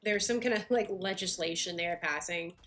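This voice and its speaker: A woman's voice: fairly low pitch, a little fast, fairly bright tone. Chatty woman streaming a game. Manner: chatty, filler-heavy, laughs often. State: eating while talking. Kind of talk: casual livestream chat while gaming.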